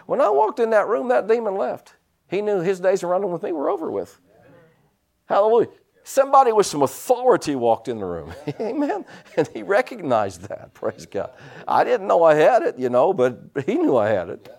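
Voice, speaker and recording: In a creaky, high-pitched voice at normal speed, a man gives a sermon built on animated personal stories, regularly punctuated by amens and hallelujahs.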